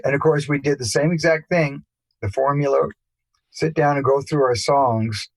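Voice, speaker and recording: An older English musician, appearing as a guest in a relaxed interview, rambles through anecdotes full of fillers and restarts. His voice is mid-range, with no echo, on a low-quality recording.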